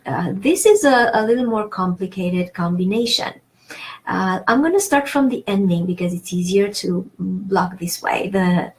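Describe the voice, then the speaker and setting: A woman, teaching pronunciation in an online lesson, explaining slowly and patiently with many hesitations. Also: medium pitch. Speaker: French teacher.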